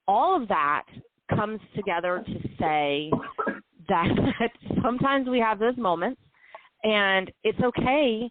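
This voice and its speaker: A woman's voice: medium pitch, noisy background. A woman co-hosting a talk show, telling a personal story in a candid, emotional way. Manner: emotional, heartfelt, quick bursts and slow stretches. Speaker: podcast co-host. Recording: tinny phone-line sound, dry.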